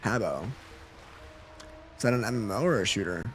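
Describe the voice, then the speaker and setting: A man's voice: fairly low pitch, expressive, moderate pace, fairly bright tone, faint music behind. A man live-streaming a game, chatting casually with his viewers and reading out their messages with a laid-back, chuckling manner. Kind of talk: casual live-stream chat while gaming.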